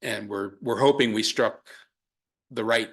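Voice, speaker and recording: A man walks a town commission through plans at a public meeting, pausing often and restarting his sentences. His voice sits low and carries a gravelly edge. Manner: hesitant, many fillers and restarts. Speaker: consultant presenting to a town commission.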